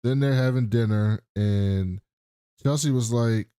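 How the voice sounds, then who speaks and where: Measured and smooth, a medium-pitched male podcast co-host recaps a TV episode in a casual way, bringing the characters' lines to life. The recording is dry, with clean studio sound.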